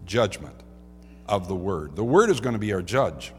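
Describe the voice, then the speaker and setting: A man preaching a sermon in a church, reading scripture and praying, swinging from loud cries to soft, low passages. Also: big pitch swings, fairly quick, big-room sound, faint music behind. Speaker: pastor. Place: church sanctuary.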